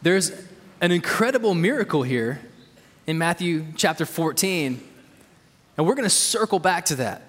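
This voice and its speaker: Pastor guy preaching, high voice that jumps around a lot, chatty, echoey church. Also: expressive, normal speed, pauses often. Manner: conversational, with "right?" asides. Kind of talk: sermon. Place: church sanctuary.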